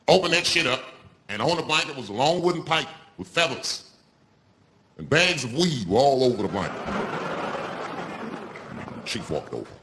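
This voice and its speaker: A male comedian tells stories in a loose, profane stand-up routine. His pitch swings widely as he punches lines. It is a noisy live recording from a stage. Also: normal speed, long pauses. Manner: loose, profane, animated storytelling. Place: stage before a live audience.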